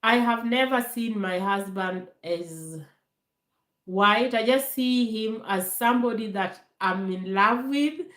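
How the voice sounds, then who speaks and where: Chatty woman on a live q&a, talks slow, lots of ums, echoey room. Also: on the high side. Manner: chatty, animated, acts out voices in quotes, many fillers. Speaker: vlogger answering viewer questions. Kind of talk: casual live Q&A storytelling.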